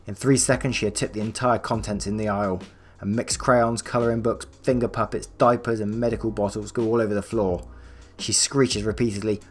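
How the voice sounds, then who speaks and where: Man, low voice, story narrator, expressive reading, faint music behind. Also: brisk, slightly rough. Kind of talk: online story reading and casual commentary.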